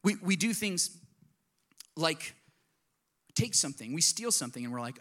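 A man's voice: on the high side, sing-song, normal speed, pauses often, pushed and bright. A man preaching a sermon to his congregation, earnest and conversational, often asking them direct questions. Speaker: pastor.

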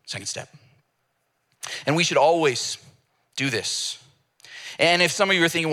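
A man's voice: a little high, moderate pace, long pauses. A man preaching a sermon as a pastor, telling stories and putting on voices for the people in them. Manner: animated storytelling with acted voices.

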